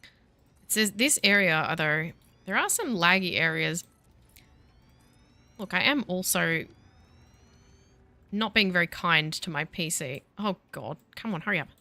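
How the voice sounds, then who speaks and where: A woman's voice: lowish voice, lively intonation, a little slow, pauses often, pushed and bright, dry recording. A woman in her thirties chatting casually and with self-mocking sarcasm while streaming a game. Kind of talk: casual live-stream chat while gaming.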